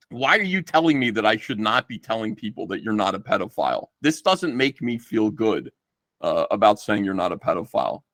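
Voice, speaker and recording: A middle-aged man chatting casually as a guest on a livestream, telling stories in a rambling, profane, animated way. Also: lowish voice, dry recording, clean studio sound. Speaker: guest comic book artist.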